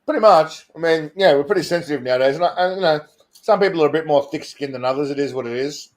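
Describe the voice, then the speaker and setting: This Australian livestream co-host talks fast, his voice pitched somewhat high for a man. Explaining things in a casual chat, he rambles, stumbles over words and laughs frequently.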